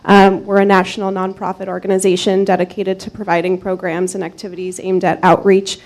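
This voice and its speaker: A soft-spoken woman, a clinical psychology fellow, giving prepared remarks at a city meeting, with small fillers. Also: medium pitch, flat delivery, brisk, rough recording. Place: city commission chamber.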